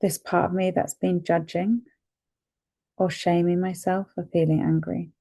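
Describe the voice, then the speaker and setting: A woman leads a tapping session in a calm, gentle voice, giving phrases for the listener to repeat. Her voice sits low with a flat, even melody. There is a gravelly edge of fry. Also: a little slow. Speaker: EFT tapping guide.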